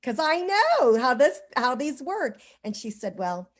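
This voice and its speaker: A woman's voice: high voice, big pitch swings, unhurried. A woman hosting a casual online conversation, telling stories in a rambling way with lots of "like" and "you know".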